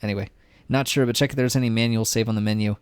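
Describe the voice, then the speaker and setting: A man's voice: lowish voice, fairly even intonation, very fast, clean tone, dry recording. A man streaming a game, giving casual, rambling commentary full of jokes and swearing. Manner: joking, profane, rambling.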